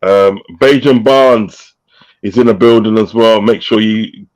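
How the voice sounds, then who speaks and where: A man's voice: lowish voice, measured pace, poor audio. A man hosting a casual live-stream chat, reading out viewers' messages with frequent laughter. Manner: laughs often, reads out chat shout-outs. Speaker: host.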